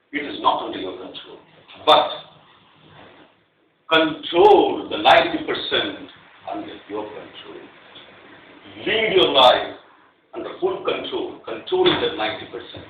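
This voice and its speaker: A middle-aged man giving a prepared speech at a club meeting, telling a personal story in an animated way. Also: medium pitch, a little hiss or hum. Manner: animated storytelling, acts out quarrels. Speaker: club speaker. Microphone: clip-on mic, heard from afar. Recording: echoey hall, distant tinny mic.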